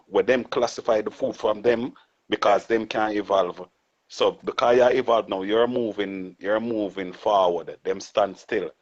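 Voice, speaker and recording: A middle-aged man with a Jamaican accent, talking reflectively as an interview guest and often closing on a tag question. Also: lowish voice. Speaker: guest artist. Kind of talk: casual interview talk. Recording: muffled lo-fi audio.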